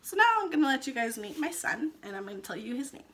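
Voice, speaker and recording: A woman's voice: on the high side, lively intonation, quick pace, fairly bright tone. A young woman vlogging, chatty and emotional as she retells her labor and delivery, with frequent ums. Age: young adult. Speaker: vlogger, new mother. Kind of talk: casual storytelling vlog.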